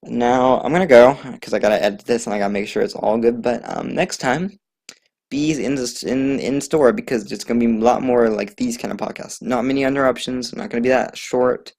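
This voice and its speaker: On his laid-back solo podcast, a young male host rambles and pokes fun at himself, chatting loosely and letting sentences fade out amid lots of filler words. His voice is mid-pitched and somewhat dark, and he speaks fairly quickly.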